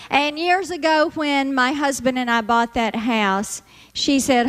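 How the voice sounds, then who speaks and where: High-pitched southern lady cracking jokes, folksy drawl, echoey big hall. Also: measured pace, fairly bright tone. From Mississippi. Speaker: comedic speaker. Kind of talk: stand-up comedy routine.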